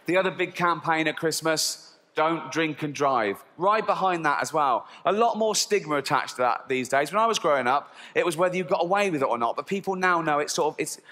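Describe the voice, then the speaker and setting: Comedian with a raised voice in a reverberant hall. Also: male voice, fairly high pitch, brisk. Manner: crude, deadpan shock punchlines, frequent laughter at own jokes. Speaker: stand-up comedian. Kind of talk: stand-up routine. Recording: long reverb of a large hall.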